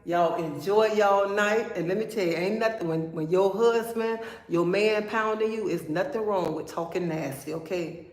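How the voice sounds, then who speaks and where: A woman's voice: medium pitch, normal speed. A woman hosting a casual livestream gives blunt, preachy advice. She keeps checking in with "okay?" and calling listeners "honey". Her voice echoes around a bare room. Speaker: livestream host.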